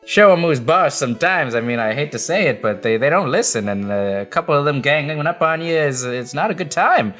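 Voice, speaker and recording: Guy doing a chatty old warden voice, a bit higher, rambly, lots of uhs. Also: lively intonation, a little fast, few pauses, a bit bright, soft background music. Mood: grumbling. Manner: rambling, hesitant with many fillers. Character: old male safari warden, gruff and chatty.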